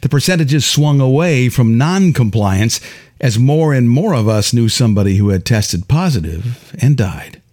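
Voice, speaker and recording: A man reading his own detective story aloud in a wry, deadpan first-person style. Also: mid-range voice, normal speed. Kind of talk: audiobook narration.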